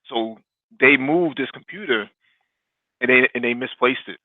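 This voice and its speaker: A man's voice: medium pitch, dry recording. A man chatting casually on a podcast, hesitating often and restarting his sentences as he tells a story. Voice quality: halting, many fillers and restarts. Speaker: podcast guest. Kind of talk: casual chat. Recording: thin phone-like sound.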